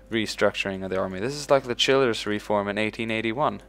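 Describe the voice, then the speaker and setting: Excitable man narrating a strategy game. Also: a little fast, clean tone. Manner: excitable, swears casually, shouts "boom" when giving orders; talks to in-game units as if they were his troops. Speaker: let's play host. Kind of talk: casual gameplay commentary.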